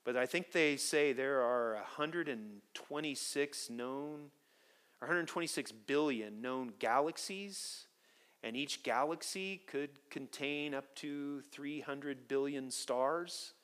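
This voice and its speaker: A man preaching a sermon to his church, telling stories with lively swings from quiet to loud. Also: mid-range voice, slow, clean tone. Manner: animated storytelling, swings from soft to loud. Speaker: pastor.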